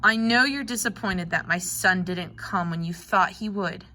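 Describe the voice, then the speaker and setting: A woman voicing a loving, patient God who coaxes gently. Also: fairly low pitch, moderate pace. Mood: coaxing. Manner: gentle, coaxing.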